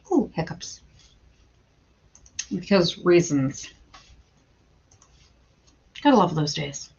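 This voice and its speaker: Rambling gravelly-voiced woman livestream host. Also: medium pitch, a bit bright. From western Pennsylvania, USA. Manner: rambling and chatty, greets chat viewers by name; frequent stammered restarts and filler words. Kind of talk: casual livestream chat. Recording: dull lo-fi stream audio.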